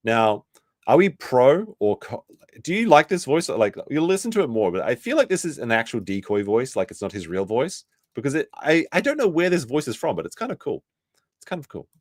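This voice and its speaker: A man's voice: mid-range voice, very animated, brisk, no echo, clean studio sound. A man streaming casual reaction commentary, reading news aloud and adding sarcastic, rambling asides.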